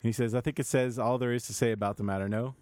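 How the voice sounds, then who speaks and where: A man with a medium-pitched, darkish voice talks very fast in a steady tone, with no echo. Co-hosting a casual podcast, he reads posts aloud like news, often restarting and breaking into laughter.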